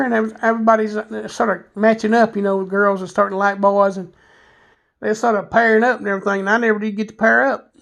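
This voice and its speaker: Speaking fast in a high, level, slightly bright voice with vocal fry, this Southern-accented man vlogs about his past. His stories are candid, rambling, self-deprecating and packed with fillers, told as a personal monologue.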